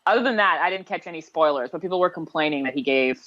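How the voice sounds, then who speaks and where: A woman's voice: low voice, animated, quick pace, a bit bright, highs cut off. A woman co-hosting a casual podcast chat, steering the conversation in a matter-of-fact way. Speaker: podcast co-host.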